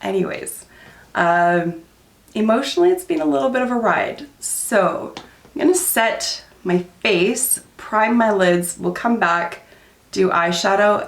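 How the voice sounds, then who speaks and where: A woman's voice: fairly low pitch, creaky, reverberant, a little hiss or hum. A woman in her thirties chatting candidly while doing her makeup for a vlog, full of "um" and "like". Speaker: beauty vlogger.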